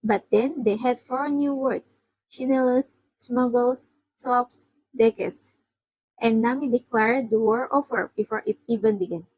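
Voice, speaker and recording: A woman's voice: fairly high pitch, moderate pace, few pauses, a little mellow, husky, no echo, muffled recording. A woman with an Indonesian accent reading a fan story aloud as an amateur podfic reader. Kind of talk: fan fiction read aloud.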